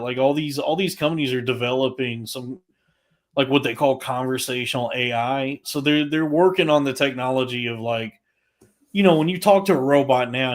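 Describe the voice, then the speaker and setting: A man talking casually on a podcast, telling a rant in a crude, profanity-heavy way with lots of restarts. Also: mid-range voice. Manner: animated, frequent restarts.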